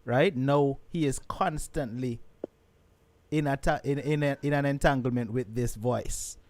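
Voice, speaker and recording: A man's voice: mid-range voice, a little slow, a little mellow, slight background noise. A male talk show host who interviews a caller and speaks directly to the listeners with emphasis.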